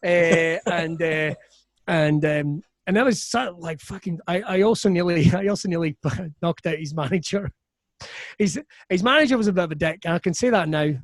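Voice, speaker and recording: Give me a Scottish man telling a profane, animated anecdote in a dry, close sound. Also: a little high, moderate pace, no echo. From Scotland. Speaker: comedian guest. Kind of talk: casual storytelling chat.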